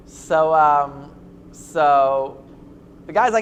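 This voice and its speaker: A man, a rabbi, teaching an informal Torah class, talking in a halting way with many fillers and restarts and joking along the way. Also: a little high, fairly even intonation, a little hiss or hum.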